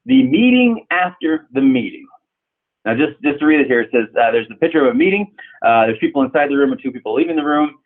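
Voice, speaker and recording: A man from California giving a leadership training webinar, telling personal stories earnestly with frequent restarts. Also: mid-range voice. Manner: earnest storytelling with repeated restarts. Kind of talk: webinar presentation. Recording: tinny phone-like audio.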